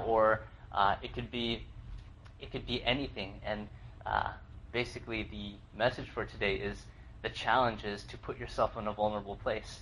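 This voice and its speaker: A man's voice: fairly low pitch, steady tone, normal speed, fairly bright tone, lo-fi sound, a little hiss or hum. A young adult man, a pastor, gives a conversational sermon built on a personal story, with fillers and restarts and frequent laughing.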